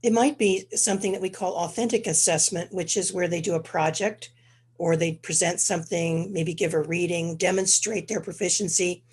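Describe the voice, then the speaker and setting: A congested woman presenting an educational webinar in a measured, explanatory way. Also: fairly low pitch, fairly even intonation, darkish tone, slightly rough. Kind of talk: educational lecture.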